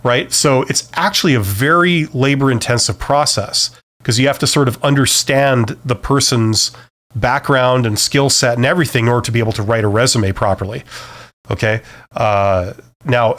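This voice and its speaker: A man's voice: medium pitch, normal speed, a bit bright. Middle-aged man giving casual career advice. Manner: loose and conversational, many fillers and restarts. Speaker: career advice host answering viewer questions. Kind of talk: casual live-stream Q&A.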